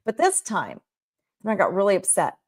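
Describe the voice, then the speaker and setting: A woman's voice: medium pitch, huge pitch swings, moderate pace, slightly rough. A woman gives a motivational talk to business owners, speaking emphatically and returning to the same rhetorical questions again and again. Her voice sits in the middle of the range for a woman. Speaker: child care business coach.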